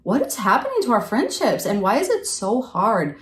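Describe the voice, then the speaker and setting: A middle-aged woman chatting earnestly as a podcast guest, explaining at length with lively asides. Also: fairly high pitch, normal speed. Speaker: podcast guest, friendship workshop leader. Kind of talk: casual conversational chat. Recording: roomy and a bit far from the mic.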